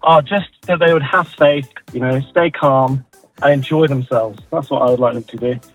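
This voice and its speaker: A man's voice: medium pitch, moderate pace, soft background music, poor audio. A man chatting as a guest on a radio show, laid-back with dry self-deprecating humor. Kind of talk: casual radio chat.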